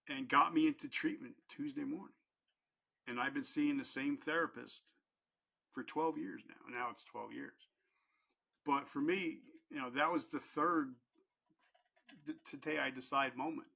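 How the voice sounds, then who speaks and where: A man's voice: mid-range voice, a little slow, gravelly, pauses often, pushed and bright, husky. A middle-aged man telling his personal story as a podcast guest, candid and earnest, with blunt, casual language.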